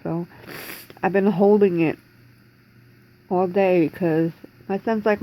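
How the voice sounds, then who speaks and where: A woman's voice: fairly low pitch, steady tone, slow pace, lo-fi sound. A woman in her forties talking in a rambling, distressed way in a personal video diary from home, holding back tears. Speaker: vlogger.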